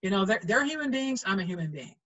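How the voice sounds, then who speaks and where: A woman's voice: medium pitch, sing-song, fast, dull audio, noisy background. A middle-aged woman, a volleyball referee, chatting animatedly in an interview and acting out quoted lines as she tells stories. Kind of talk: storytelling in an interview.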